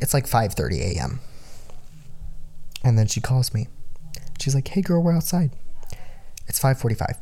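A young adult podcast host with a medium-pitched, dark voice tells a story in a loose, rambling way full of fillers, acting out the voices of the people being quoted.

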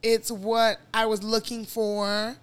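A woman co-hosting a relaxed chat podcast, with a slightly high voice and an easy, friendly flow. She talks loosely and unhurriedly, now and then slipping into playful rhymes. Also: takes it slowly, clear, resonant tone. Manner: relaxed, chatty, rhyming playfully. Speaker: podcast co-host. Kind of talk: casual chat.

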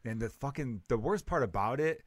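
A man's voice: mid-range voice, lively intonation, brisk, dry recording. A man hosting a comedy podcast, talking bluntly and with plenty of swearing in casual chat. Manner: blunt, profane, opinionated.

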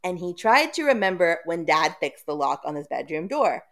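Lower-voiced woman retelling a story. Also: moderate pace. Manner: animated, giggly storytelling. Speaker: podcast co-host recapping a book. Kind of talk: casual comic retelling.

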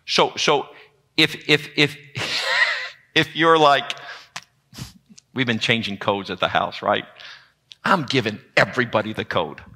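A man preaching a sermon in a church, with a lively call-and-response delivery. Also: mid-range voice, slow, vocal fry, long pauses. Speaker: pastor. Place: church sanctuary.

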